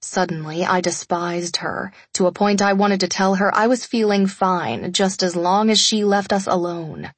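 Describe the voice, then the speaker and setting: A woman reads a first-person romance audiobook in an intimate, confessional tone. Her voice is breathy and a little husky, mid-pitched, recorded dry on a close mic. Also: moderate pace, hardly any pauses, no echo. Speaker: audiobook narrator. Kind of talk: scripted first-person narration.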